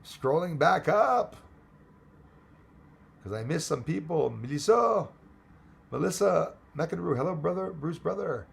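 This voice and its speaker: Gravelly-voiced man losing his voice. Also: on the high side, expressive, measured pace, long pauses. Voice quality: gravelly, hoarse voice. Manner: rambling, mixes in French and Spanish greetings. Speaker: livestream host reading chat. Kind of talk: casual live chat.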